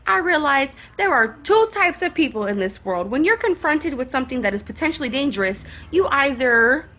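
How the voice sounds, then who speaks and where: A young woman telling a storytime vlog in a sassy, animated way, acting out the people in her story. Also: fairly high pitch. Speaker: vlogger.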